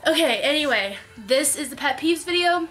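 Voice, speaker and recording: A chatty young woman vlogger talks to camera with a sore throat, filling her sentences with "like." Her voice sits a bit high and sounds bright and forward. Soft music plays behind her. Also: moderate pace. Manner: chatty, animated storytelling with many "like"s. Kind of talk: casual chat to camera.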